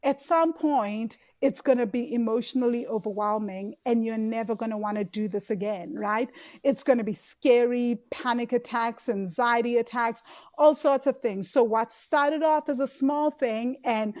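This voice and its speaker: Chatty woman, slightly high. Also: normal speed, a little mellow. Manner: emotive, chatty, fillers and tag questions. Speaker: podcast host and money coach. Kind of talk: casual solo podcast talk.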